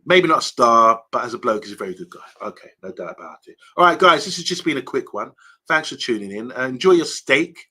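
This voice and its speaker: A man's voice: mid-range voice, very animated, a little fast, bright, forceful tone, slightly rough. A man hosting a casual fan live stream, chatting loosely and reading out viewer comments with lots of ums and restarts.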